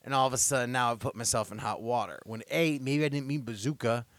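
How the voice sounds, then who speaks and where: A young man hosting a casual podcast, telling a long story with lots of restarts and growing louder as he relives it. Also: medium pitch, fast talker, no room sound. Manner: rambling storyteller, restarts often, gets loud when retelling. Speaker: podcast host.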